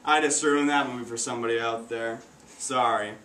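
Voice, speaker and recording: A man's voice: mid-range voice, fairly even intonation, brisk, fairly bright tone. A teenage boy doing amateur stand-up comedy, stumbling and restarting his sentences. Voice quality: stumbling, awkward, many restarts. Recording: roomy, distant, faint noise.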